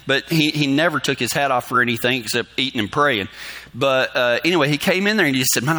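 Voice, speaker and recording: A middle-aged man, calling in to a radio show and telling a story in a halting, animated way, acting out the dialogue. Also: a little high. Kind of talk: casual storytelling.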